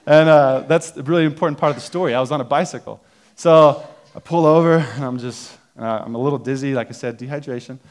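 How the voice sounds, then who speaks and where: A man's voice: medium pitch, steady tone, fast. Young male preacher telling a casual story. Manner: casual, self-deprecating storytelling with many fillers. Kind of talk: sermon with personal story.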